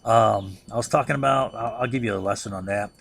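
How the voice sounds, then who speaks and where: A man gives a history lecture with a gravelly, slightly husky voice. He talks conversationally, peppers his points with "right?", and restarts sentences as his thoughts catch up. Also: lowish voice, brisk, fairly bright tone. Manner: keeps checking in with rhetorical "right?"; restarts and repeats words as he thinks aloud. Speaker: history teacher.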